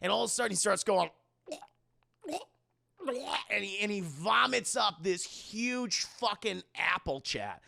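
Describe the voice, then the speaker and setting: A man's voice: high voice, animated, a little slow, vocal fry, bright, forceful tone. A young man streaming a casual, profane movie recap while talking to his chat.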